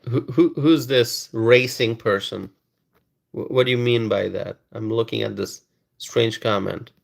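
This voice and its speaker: A man's voice: mid-range voice, measured pace, gravelly. Emphatic man doing live commentary. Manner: repetitive, emphatic, stalls and restarts words. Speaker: political commentator reading viewer comments.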